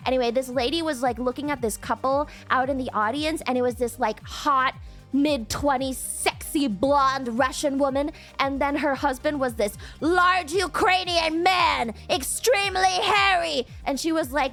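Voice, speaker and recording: A woman's voice: high-pitched, moderate pace, fairly bright tone. A young woman streamer chatting casually with her viewers, playful and laughing often. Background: music.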